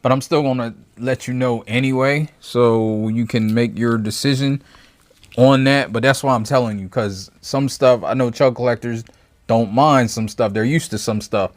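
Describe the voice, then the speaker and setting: A man's voice: medium pitch, moderate pace. A man giving a casual toy review from his home review table, rambling and thinking aloud with frequent self-corrections.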